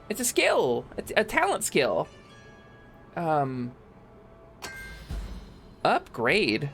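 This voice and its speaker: A young woman streaming a video game, chatting casually with her viewers, joking around and yelling playful bits. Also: fairly low pitch. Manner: animated, joking, shouts bits and laughs often.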